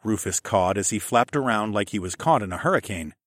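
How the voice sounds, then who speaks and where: Low-voiced man narrating an audiobook. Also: a little fast, no room sound, studio quality. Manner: lively, playful character dialogue. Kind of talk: first-person audiobook narration.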